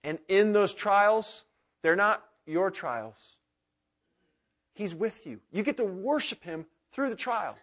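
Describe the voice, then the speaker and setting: Animated male pastor preaching. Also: sits high, slow. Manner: animated, swings from loud exclamations to quiet prayer. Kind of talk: sermon.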